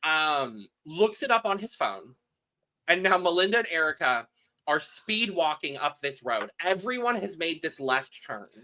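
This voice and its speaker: A bright, sharp voice that climbs and dips as she recaps a reality show. She tells it as a story and acts out what she said while watching. Casual podcast chat between co-hosts. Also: medium pitch, a little slow, slight background noise, rough recording. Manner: animated storytelling, acts out her own reactions. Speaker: podcast co-host.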